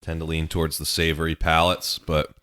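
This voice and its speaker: Low-voiced relaxed man. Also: a little fast, clear, resonant tone. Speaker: co-host. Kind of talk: casual chat, tasting cookies.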